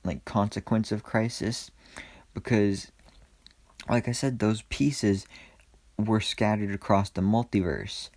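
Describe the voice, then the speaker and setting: A man's voice: on the low side, steady tone, slow pace, long pauses, a little mellow, dry recording. A man giving a chatty, enthusiastic recap and review of a TV episode, with frequent ums and restarts.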